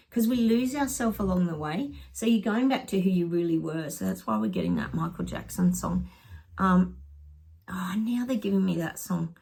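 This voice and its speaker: Pulling tarot cards for viewers, this middle-aged psychic rambles in a relaxed way and laughs frequently while making predictions. Her voice is fairly low, gravelly and husky, with a slightly mellow tone.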